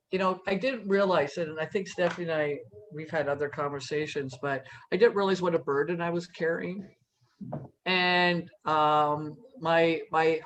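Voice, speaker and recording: A man's voice: fairly high pitch, a bit bright, slight background noise, poor audio. A man speaking as a panel guest, telling a personal story in an earnest, reassuring way with frequent restarts.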